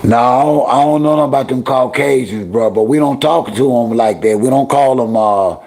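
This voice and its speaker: A man's voice: mid-range voice, moderate pace, gravelly, darkish tone. A middle-aged man hosting a casual livestream, talking straight to his viewers and chat in heavy slang and scolding them. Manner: heavy slang, drawling repetitions. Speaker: livestream host.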